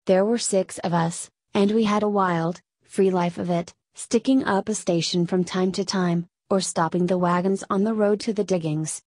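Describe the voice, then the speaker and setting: A woman's voice: mid-range voice, a little mellow, no echo, lightly acted. A woman reading the lines of a remorseful dying older man, a former bushranger, in a weary, grave audiobook reading, recorded dry.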